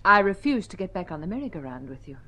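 A fed-up wife, sarcastic, cutting, low-ish voice, radio play. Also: female voice, sing-song, fast, bright, forceful tone, heavily acted. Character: sharp-tongued, fed-up wife, young adult. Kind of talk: vintage radio drama acting.

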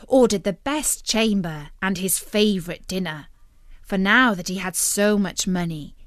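A woman hosting a children's show, reading a fairy tale aloud in an expressive, unhurried storytelling manner. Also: medium pitch, no room sound. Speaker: storyteller host.

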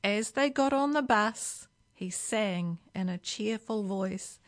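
A woman reading a children's story aloud for a library, with slow, expressive storytelling. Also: mid-range voice. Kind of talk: reading a picture book aloud.

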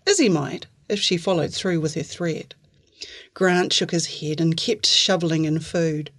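A woman author reading a passage from her own novella aloud. Her delivery is even and clear, paced like a steady storyteller. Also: sits low, measured pace. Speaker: author reading their work. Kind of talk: fiction reading.

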